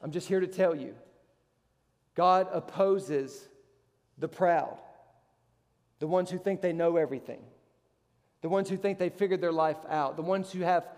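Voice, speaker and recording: A man's voice: high voice, darkish tone, long reverb tail. A man preaching a sermon as pastor, emphatic, his voice leaping up on rhetorical questions.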